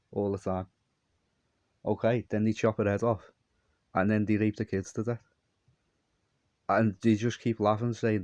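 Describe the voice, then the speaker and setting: A man's voice: lowish voice, flat delivery, moderate pace, long pauses, darkish tone, no room sound. A man telling a long, meandering story in a repetitive monologue. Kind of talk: rambling monologue.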